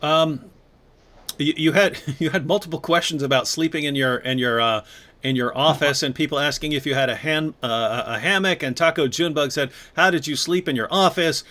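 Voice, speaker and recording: A man hosting a live online conversation, reading viewer questions and retelling stories with lively quoted voices. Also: a little high, moderate pace. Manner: animated, acts out quoted voices. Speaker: host.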